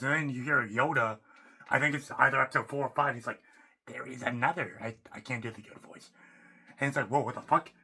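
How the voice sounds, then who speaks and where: A man ranting off the cuff as a fan, rambling and excitable, restarting sentences and swearing casually. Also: mid-range voice, slight background noise. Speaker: YouTuber. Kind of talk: unscripted fan rant.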